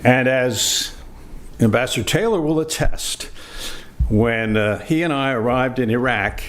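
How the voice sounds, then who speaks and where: An older man from the United States, a former diplomat, giving reflective panel remarks in a measured, halting way with frequent filler sounds. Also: mid-range voice.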